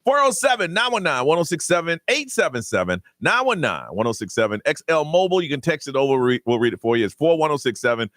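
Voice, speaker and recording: A man's voice: on the high side, fast talker, few pauses, no room sound. A man hosts a morning radio show from a studio mic, his voice swinging widely up and down as he banters. The sound is close and dry, with no room around it. He laughs easily and rattles off phone numbers between jokes. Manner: lively, laughs often, reads phone numbers. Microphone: studio microphone.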